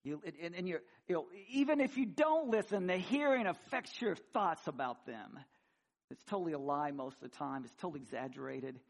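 Male preacher, high voice, animated sermon delivery, conversational and joking between points. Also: fairly quick, gravelly. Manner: animated preaching, swinging from loud emphasis to quiet asides; conversational, with frequent restarts and humor. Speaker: pastor. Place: church sanctuary.

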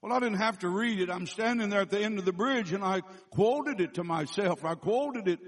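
A man with a notably high voice preaches a sermon as a visiting speaker. He tells his story loosely, often stopping to correct and restart himself. When he quotes scripture, he slows down and leans into the words. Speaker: guest preacher.

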